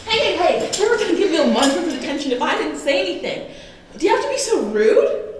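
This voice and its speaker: A woman's voice: a little high, expressive, moderate pace, close to an everyday voice. A young woman playing a defensive, bossy teenage head of a student jury. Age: young adult. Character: self-righteous teen girl heading student jury. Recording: very echoey room, distant mic, faint noise.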